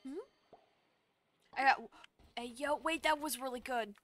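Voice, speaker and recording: A young woman streaming a game, reacting out loud with casual swearing and bursts of dramatic pleading. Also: high-pitched, fairly even intonation, a little slow. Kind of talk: casual live game commentary. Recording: faint game music behind.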